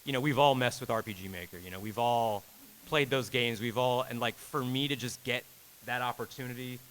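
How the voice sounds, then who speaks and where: On a convention panel, a man in his thirties who directs games recounts a lengthy personal story to the crowd in a bright, forward voice and a steady tone at a fairly quick clip. Quoted lines get acted out with abrupt pitch leaps, and he laughs while talking. Poor audio carries a faint hiss.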